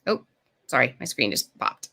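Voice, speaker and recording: A woman author giving a live storytime over a video call, reading her picture book with lively expression and stopping to explain words simply for children. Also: normal speed.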